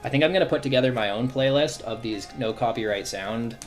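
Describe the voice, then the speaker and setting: A man streaming live as a game developer, chatting casually and thinking aloud as he works, with lots of fillers and restarts. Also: fairly quick. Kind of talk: casual livestream commentary while working. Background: faint drum and bass music.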